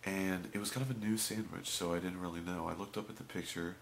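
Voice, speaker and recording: A young man telling stories about a fast food job in a casual vlog. He swings between loud outbursts and muttered asides. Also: sits low, fairly even intonation, creaky, slight background noise. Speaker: vlogger.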